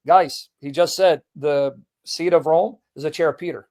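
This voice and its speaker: A man's voice: fairly high pitch, moderate pace, few pauses, a little mellow. A man hosting a casual online religious discussion, reading long quotes aloud and pressing his guests with emphatic questions. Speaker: host of a religious debate stream.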